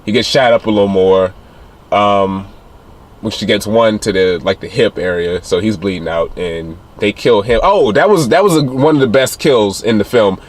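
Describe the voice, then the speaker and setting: A man casually recapping a film's plot as a reviewer, rambling with many fillers. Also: normal speed. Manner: rambling retelling with many fillers, acting out quotes in a higher voice. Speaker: film reviewer. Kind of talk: casual spoiler recap of a film.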